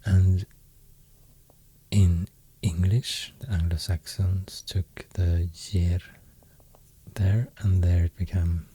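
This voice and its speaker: A man with a Swedish accent giving a soft-spoken ASMR talk, half-whispering and pausing often with fillers. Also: low-pitched, little pitch movement, slightly rough. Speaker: ASMR host explaining runes.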